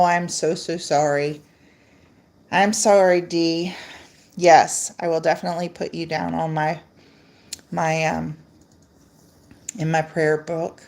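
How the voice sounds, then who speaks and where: A woman talks slowly and casually to viewers over a laptop mic, greeting them by name. Her voice sits low for a woman, and she laughs easily between stories. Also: gravelly, darkish tone. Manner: chatty, reads viewer comments aloud, laughs often. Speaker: livestream host. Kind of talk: casual livestream chat with viewers.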